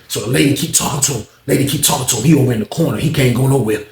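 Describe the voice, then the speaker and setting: Animated storytelling man in an echoey room. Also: medium pitch, very fast, creaky, hardly any pauses. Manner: animated, acts out quoted voices, heavy slang. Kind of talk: casual storytelling of a prison story.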